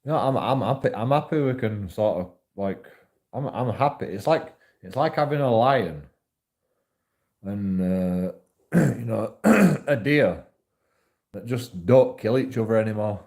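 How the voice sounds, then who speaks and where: Male vlogger, profane rambling rant, lowish warm tone. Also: lively intonation, unhurried. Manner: profane, rambling, repeats himself. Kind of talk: ranting monologue to camera.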